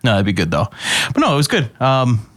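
A man co-hosting a podcast, chatting casually over beers in a relaxed, storytelling way. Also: mid-range voice, fairly quick, no echo, clean studio sound. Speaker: podcast co-host.

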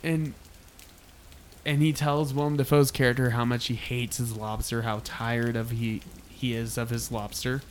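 Podcast co-host, man, mid-pitched, relaxed recapping with easy laughs. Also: moderate pace, slight background noise. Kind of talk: casual chat about a film.

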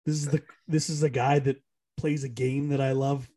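A young man co-hosting a sports podcast, chatting casually and excitably, laughing often. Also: mid-range voice, moderate pace. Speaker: podcast co-host. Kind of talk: casual chat.

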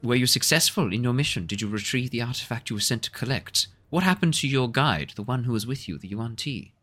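A man's voice: medium pitch, lively intonation, quick pace, fairly bright tone, pitched above the performer's own voice. A man voicing a stern half-elf woman cultist who speaks in a cool, formal, questioning way. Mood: interrogating.

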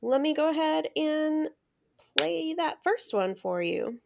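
Slow-talking playful woman host. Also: sits high, expressive, gravelly, noisy background. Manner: playful, laughs often. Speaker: podcast host. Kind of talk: casual comedic chat.

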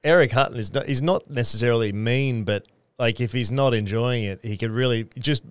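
A man's voice: medium pitch, fairly quick, clear, resonant tone, no room sound. Dry-joking man in banter. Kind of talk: casual banter.

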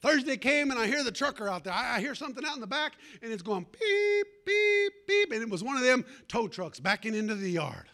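A man's voice: very high voice, animated, fast, few pauses, pushed and bright. A man preaching a sermon, calling out for amens and telling a folksy personal story with fervor.

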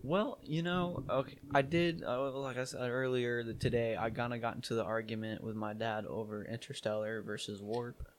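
A man's voice: mid-range voice, steady tone, normal speed, hardly any pauses, background noise. A young man who is a guest on a podcast, chatting in a loose, slangy, rambling way. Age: young adult. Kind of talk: casual chat.

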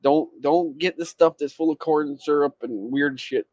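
A man's voice: on the high side, moderate pace, a little mellow, dry recording, lo-fi sound. A man co-hosting a casual podcast, recorded close and dry with no room sound. He talks in a plain, matter-of-fact way and adds careful practical tips. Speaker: podcast co-host.

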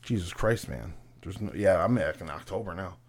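Brief: young male podcast host, loose and profane, drifting quieter at times. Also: sits low, moderate pace, heavy background noise. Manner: profane, laughing, trailing off quietly. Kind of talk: casual chat.

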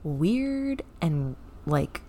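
A woman's voice: low-pitched, sing-song, dark tone, a little hiss or hum. A woman co-hosting a casual chat, chiming in with "like". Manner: unhurried, interjecting with "like". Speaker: podcast co-host.

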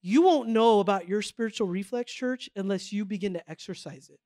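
A man's voice: animated, fairly quick, few pauses, a little mellow, dry recording, studio quality. A middle-aged man preaching a sermon, telling a personal story in a casual way, full of asides and acted-out quotes. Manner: conversational storytelling with filler words like man and okay; acts out quoted voices with big pitch swings. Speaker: pastor.

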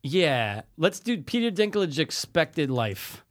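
A man's voice: a little high, very animated, slow pace. A man co-hosting a casual chat, easygoing and slangy, often agreeing with "yeah" and "dude.".

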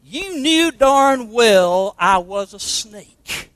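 Guy putting on a smug sneaky snake, drawls it out slow, higher voice, dry sound. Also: lively intonation, a bit bright, clear, resonant tone, dry recording, heavily acted. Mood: sneering. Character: sly ungrateful male snake.

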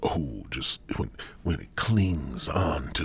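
A male podcast host, high on marijuana and hoarse, rambling crudely through a solo monologue. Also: very animated, slow, few pauses, a little hiss or hum. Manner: crude, rambling, drifts into breathy whispers. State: voice partly lost, throat-clearing.

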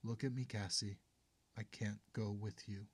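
A man's voice: fairly low pitch, fairly even intonation, unhurried, slightly rough. Man voicing a wounded, insistent mother. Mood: resigned. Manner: anxious, insistent. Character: wounded mother, frantic then resigned. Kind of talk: audiobook character voice.

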